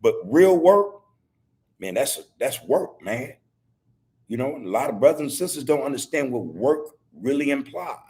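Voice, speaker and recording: A man's voice: medium pitch, darkish tone, slightly rough. A man hosting a podcast, talking casually to his listeners, preachy and repetitive, full of street slang. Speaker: podcast host. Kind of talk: casual monologue. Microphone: video call.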